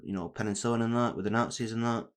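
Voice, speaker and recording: A man's voice: on the low side, fairly even intonation, quick pace. A young man co-hosting a podcast in casual chat, rambling and slangy, swearing freely. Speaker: podcast co-host.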